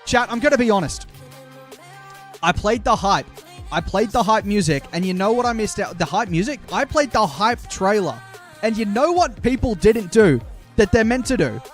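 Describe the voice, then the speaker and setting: A young man talks to his viewers on a live stream, playful and chatty. His voice sits high. Faint music plays underneath him. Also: very animated, moderate pace. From Australia. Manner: chatty, playful, addresses chat directly. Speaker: streamer and caster.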